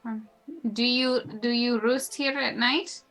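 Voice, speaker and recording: A woman player in a tabletop game speaks in character with a bright, sharp voice pitched fairly high. Her phrasing is formal and a little halting, and she often drops articles. Faint music plays behind her. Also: steady tone, low-quality recording. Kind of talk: in-character role-play.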